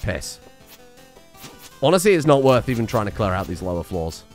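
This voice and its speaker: A man's voice: lowish voice, normal speed, soft background music. A young man giving casual, sweary, sarcastic commentary while streaming a farming game. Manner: sweary, sarcastic, animated outbursts. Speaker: gaming streamer. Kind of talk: casual let's-play commentary.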